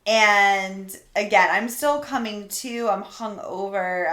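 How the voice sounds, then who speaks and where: A woman co-hosts a podcast, telling a story in a lively, animated way and laughing as she goes. Her voice sits in the middle of the range. The room gives it a noticeable echo. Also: mid-range voice, unhurried, few pauses. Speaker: podcast co-host. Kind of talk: casual chat. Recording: roomy echo.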